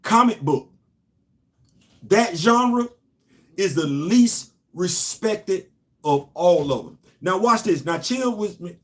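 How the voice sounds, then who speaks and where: A middle-aged man from New York hosting a casual opinion show, talking emphatically and swinging between loud points and low asides. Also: expressive, takes it slowly, pauses often. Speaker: host.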